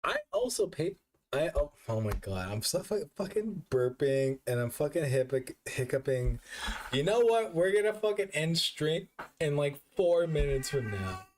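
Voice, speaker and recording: A man's voice: fairly high pitch, sing-song, moderate pace. A man streaming as a VTuber, drunk and hiccuping, talking in a rambling, profane, self-mocking way. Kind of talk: casual live-stream chat.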